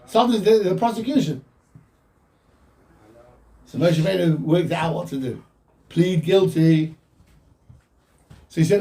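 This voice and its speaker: A man giving an informal Torah class, quoting Hebrew texts and explaining them in with lively energy. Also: high voice, a little slow, pauses often. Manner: animated, quotes Hebrew texts then explains in English. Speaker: rabbi teaching a Torah class. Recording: voice from a distance from the mic.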